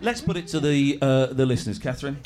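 A man's voice: mid-range voice, fast, a little mellow. A man hosting a live comic chat, playful and teasing, often laughing. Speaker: podcast host. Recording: live audience in the room.

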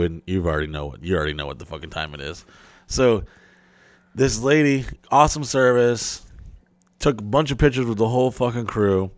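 A man's voice: fairly low pitch, no room sound. A man hosting a podcast, telling rambling, profane stories in casual chat and acting out the people in them. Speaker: podcast host.

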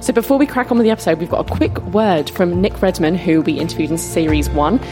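A woman's voice: on the low side, expressive, quick pace, over music. A woman co-hosting a theatre podcast, presenting in a chatty, upbeat way. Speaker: podcast co-host.

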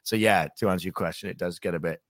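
A male voice actor and impressionist, talking in a lively, self-interrupting way during a casual interview. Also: low-pitched, fast talker, no echo, clean studio sound.

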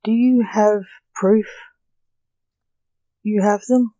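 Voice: mid-range voice, steady tone, very slow, warm tone, no room sound. A reader voicing a joking male magician partner who is also a coroner, talking in a wisecracking, ironic way. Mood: indignant.

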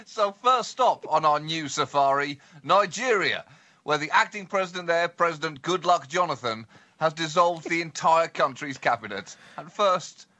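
A man co-hosting a satirical comedy podcast, telling stories in a lively, mock-grand way and building up to punchlines. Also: on the high side, moderate pace.

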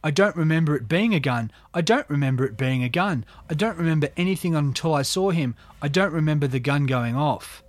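A man's voice: a little high, expressive, no echo. Man narrating true crime in a dry, close voice. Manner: measured, reads quoted testimony in a subdued tone. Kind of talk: true crime narration reading court testimony.

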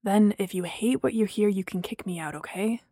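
A woman voicing a young man who jokes wryly and apologizes in a low-key way, in an audio drama reading. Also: normal speed, mellow, no echo, clean studio sound, natural voice. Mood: sheepish. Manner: sheepish, wry, low-key.

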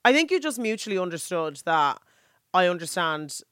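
A woman co-hosting a podcast, telling stories in a lively, easygoing way. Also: on the low side, normal speed, clean tone, dry recording, clean studio sound. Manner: lively storytelling, laughs easily. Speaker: podcast co-host. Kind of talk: casual chat.

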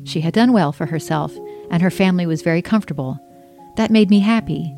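A woman's voice: fairly low pitch, a little fast, warm tone, faint music behind. A woman reading her own memoir aloud in a reflective, intimate, wry first-person narration.

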